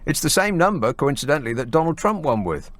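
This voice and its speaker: A man's voice: on the high side, sing-song, quick pace, a bit bright, dry recording. A man hosting a late-night phone-in radio show, talking in a sardonic, mocking way.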